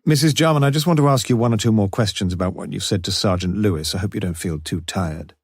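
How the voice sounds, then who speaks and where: Audiobook: a man doing a clever, commanding detective, deep and slightly husky, gently coaxing. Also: fast talker, no room sound, clean studio sound. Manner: wry, coaxing and quietly commanding. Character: shrewd, wry male police inspector. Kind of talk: audiobook character voice.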